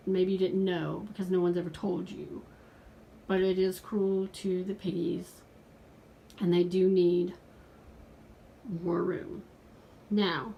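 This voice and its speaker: A woman's voice: medium pitch, darkish tone, rough recording. Earnest woman in her 40s, casual home video in her pet room, kinda pleading, faint noise behind. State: out of breath. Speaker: pet vlogger.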